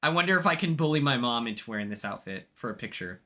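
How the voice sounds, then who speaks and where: Young guy on a live stream at home, bright tone, bouncy up and down, super chatty. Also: mid-range voice, quick pace. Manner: excitable, chatty, talks to viewers by name. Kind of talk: casual live-stream chat.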